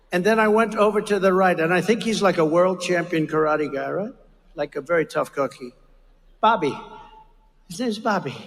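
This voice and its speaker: An older man with a fairly high voice for a man, speaking at a campaign rally in a rambling, repetitive way and leaning hard on key words. His voice rings out with the long reverb of a big rally hall. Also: a bit bright. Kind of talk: rally speech. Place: large campaign rally venue.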